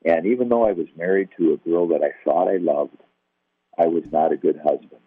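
A man's voice: low-pitched, fairly quick, no room sound. An older man telling a personal testimony in a conversational, self-deprecating way, acting out the voices in his story. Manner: conversational, self-deprecating, acts out quoted dialogue. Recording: tinny, phone-like, dry.

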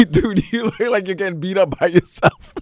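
A man's voice: high-pitched, animated, moderate pace, no room sound. A man co-hosting a studio radio show, teasing his partner and saying bro a lot. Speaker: radio co-host. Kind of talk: studio banter.

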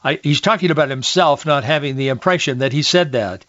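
A man's voice: fairly high pitch, brisk, fairly bright tone, no echo. Talk radio host man, dry and dull. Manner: folksy, restarts often, reads quotes aloud with rising heat. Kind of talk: conservative talk radio commentary.

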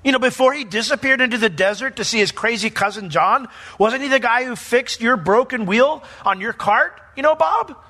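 A man's voice: very high voice, moderate pace, hardly any pauses, pushed and bright, pitched above the performer's own voice, heavily acted. A man voicing a skeptical small-town villager who sounds incredulous and mocking, within a sermon.

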